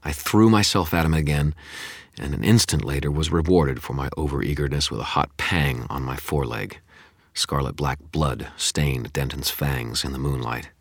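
Very deep, husky male narrator. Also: normal speed, no room sound, studio quality. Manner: intense, dramatic first-person reading. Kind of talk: audiobook narration.

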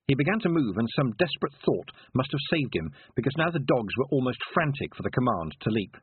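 A male audiobook narrator reads a storybook at a quick pace and medium pitch, with an expressive, varied lilt that rises and falls a great deal. His husky voice comes through a thin, phone-like band, and the recording is bone dry with no echo or room sound.

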